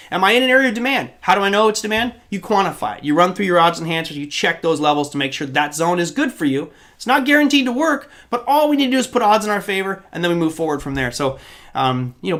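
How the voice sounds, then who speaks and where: A man's voice: high-pitched, a bit bright. A man hosting a live trading show, answering viewer questions in a chatty, rambling way with asides to the chat. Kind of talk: live-stream Q&A.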